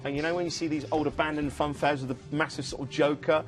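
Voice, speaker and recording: A man's voice: fairly high pitch, little pitch movement, fast, soft background music. A man presenting a TV cruise sales show, chatting enthusiastically and rambling with fillers. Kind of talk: casual studio sales chat. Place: TV studio.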